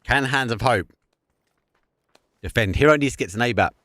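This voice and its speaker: A man giving live play-by-play commentary on an esports match, excitable and prone to bursting into shouts and laughter at big plays. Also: medium pitch, moderate pace, no room sound, clean studio sound. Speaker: esports caster.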